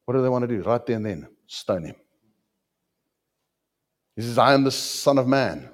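A man's voice: mid-range voice, sing-song, moderate pace, long pauses, slightly rough. A man with a South African accent preaching a sermon in a church, joking with the congregation and dropping Afrikaans asides. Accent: South African English. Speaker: pastor.

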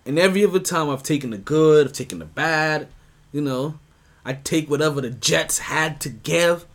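A man hosting a sports podcast, talking in a loose, rambling way. His voice sits a bit high for a man. He trips over his own words, restarts often and breaks into laughs. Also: expressive, moderate pace. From United States. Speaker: podcast host. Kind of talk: casual sports talk.

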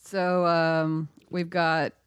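A woman's voice: sits low, flat delivery, extremely slow, smooth, no room sound. A woman playing a tabletop game, chiming in casually and egging the others on. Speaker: player.

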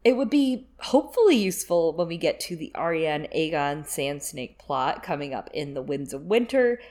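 A woman's voice: sits low, very animated, darkish tone. A woman co-hosting a podcast, chatting casually and jokingly about a book series. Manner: chatty, jokey, puts on quick voices. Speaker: podcast co-host.

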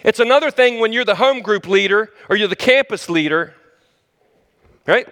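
High-voiced preacher in a reverberant hall. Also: male voice, animated, moderate pace. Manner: dramatic swings between loud high exclamations and low hushed lines; conversational, addresses the listeners directly. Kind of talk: sermon. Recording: long reverb of a large hall.

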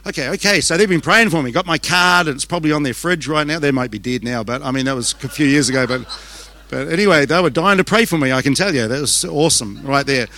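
A man with a New Zealand accent preaching a conference sermon, fast and conversational, joking with the crowd as he goes. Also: a little high, pushed and bright. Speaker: pastor. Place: church auditorium. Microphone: handheld microphone.

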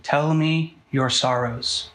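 A man reading as a huge calm lion. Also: mid-range voice, slow. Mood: solemn. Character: huge calm male lion speaking from the dark. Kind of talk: reading a story aloud in a talk.

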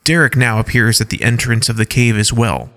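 A man narrating a scripted audio story in a measured way, reading scene headings and stage directions aloud. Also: medium pitch, fairly bright tone, big-room sound.

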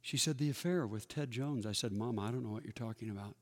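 A man's voice: medium pitch, fast talker. A man in his fifties speaking at a church workshop, telling personal stories in a folksy, conversational way and acting out the dialogue. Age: 50s. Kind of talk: personal storytelling talk. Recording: long reverb of a large hall.

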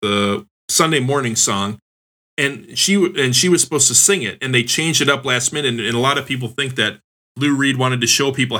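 A man co-hosting a podcast in casual chat, telling stories in a relaxed way. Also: medium pitch, fairly quick. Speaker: podcast co-host.

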